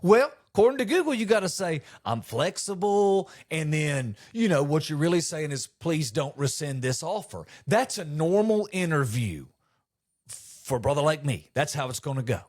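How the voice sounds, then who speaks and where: A middle-aged man hosting a comedy podcast, delivering an animated monologue and acting out quotes with mock disbelief. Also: on the high side, normal speed.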